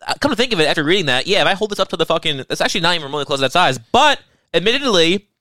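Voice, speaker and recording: A man's voice: on the high side, big pitch swings, very fast, bright, forceful tone, no echo. A young man telling rambling, profane stories in casual comedic chat. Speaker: podcast co-host.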